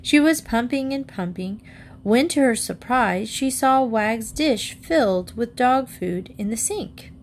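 A woman reading a children's book aloud, with lively storytelling. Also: unhurried, slight background noise. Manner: lively storytelling, raises pitch for the girl's lines. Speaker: reader.

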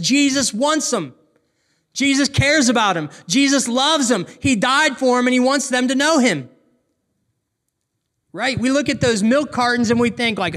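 A man preaching a sermon in an earnest way, asking rhetorical questions and slowing down to stress key points. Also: high-pitched, fairly bright tone. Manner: earnest, asks rhetorical questions, slows down for emphasis. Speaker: pastor.

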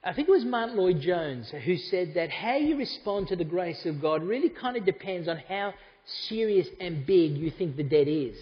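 Pastor preaching in a reverberant church. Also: male voice, sits high, expressive, moderate pace, dull audio. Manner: conversational, with asides to the congregation. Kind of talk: sermon. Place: church hall.

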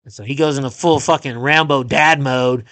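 A man's voice: medium pitch, steady tone, moderate pace, a bit bright, no echo. A man hosting a podcast on his own, recapping a show in casual, rambling, profane talk. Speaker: podcast host.

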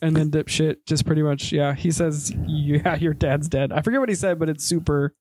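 A man's voice: a little high, fairly quick, darkish tone, dry recording. A man who laughs often and chimes in eagerly, co-hosting a casual movie chat. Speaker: podcast co-host.

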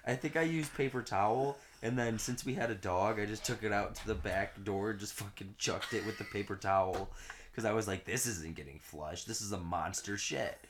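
A man with a somewhat low voice tells a crude story to his friends in casual chat. He is animated and swears freely, and he often laughs through the punchlines. Faint noise sits under the voice. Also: normal speed.

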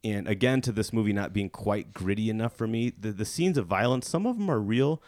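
A man hosting a podcast, recapping a movie in casual chat with friends, animated and quick to laugh. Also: fairly low pitch, no room sound. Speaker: podcast host.

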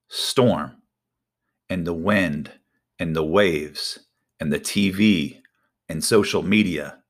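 A man preaching a sermon as pastor, animated, stretching out key phrases for emphasis. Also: deep voice.

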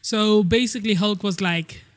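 A man hosting a casual spoiler podcast, rambling excitedly and swearing a lot as he recaps a movie. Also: high-pitched, normal speed. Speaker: podcast host.

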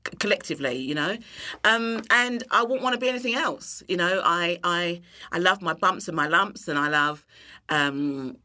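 A woman with a low voice and a bright, forceful edge to it. She chats loosely in an interview, full of "um" and "you know". She breaks into laughter now and then. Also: normal speed. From England. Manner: expressive, bursts of laughter, many fillers. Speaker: interview guest, cooking teacher. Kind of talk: casual chat.

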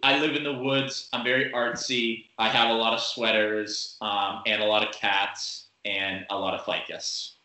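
Casual talker, male, rambling and filler-heavy, forceful tone, echoey room. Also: lowish voice, level tone, measured pace, hardly any pauses. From Massachusetts. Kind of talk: casual chat.

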